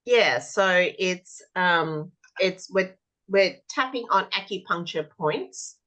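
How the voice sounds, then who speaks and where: A woman's voice: on the low side, expressive, slow pace, fairly bright tone. A woman tapping practitioner, a podcast guest, telling stories animatedly and acting out children's replies in conversation. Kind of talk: conversational explanation.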